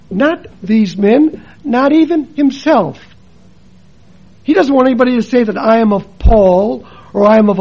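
Husky high-voiced male preacher. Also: lo-fi sound. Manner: storytelling, switches between quiet and emphatic. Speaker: preacher and missionary. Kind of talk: sermon with personal stories.

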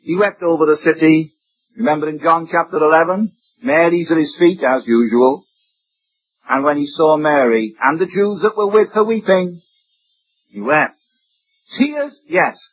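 Husky, high-voiced male preacher. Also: animated, unhurried, pauses often. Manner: emphatic, swings between rising and dropping voice. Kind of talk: sermon. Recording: dull lo-fi recording.

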